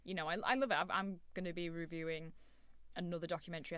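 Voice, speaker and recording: A woman's voice: lowish voice, fast, no room sound. Rambling woman, dry close mic. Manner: rambling, animated, swears casually. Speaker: podcast co-host. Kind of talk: casual chat.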